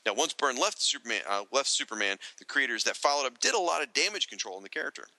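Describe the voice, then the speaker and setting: A man's voice: medium pitch, lively intonation, fast talker, sharp tone, no room sound, poor audio. A man co-hosting a podcast, reading listener feedback aloud with joking asides to the listeners. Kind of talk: casual podcast chat.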